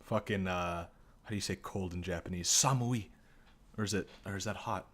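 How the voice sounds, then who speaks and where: A man's voice: low voice, normal speed. Joking, profane male gameplay streamer. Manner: rambling, joking, profane, self-deprecating, laughs often. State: sore, strained throat. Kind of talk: casual live gameplay commentary.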